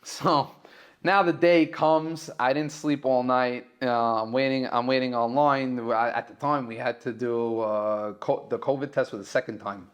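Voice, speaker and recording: A man with a New York accent, a caterer telling a story as a podcast guest and acting out the dialogue in excited, raised voices. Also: medium pitch, measured pace, clean tone. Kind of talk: animated storytelling.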